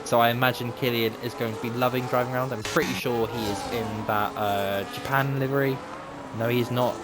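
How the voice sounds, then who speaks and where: A man calls a league sim race live, chatty and quick in bursts. His voice sits at an ordinary middle pitch. A clear hiss of noise runs under the stream mic. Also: fairly even intonation. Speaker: race commentator. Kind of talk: live sim-racing commentary.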